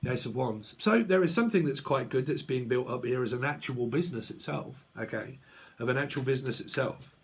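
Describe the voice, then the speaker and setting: Husky man reading tarot cards. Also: mid-range voice, a little fast. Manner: swearing, laughing, acting out both sides of arguments. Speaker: tarot reader. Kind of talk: casual tarot reading to camera. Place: at home in front of a camera.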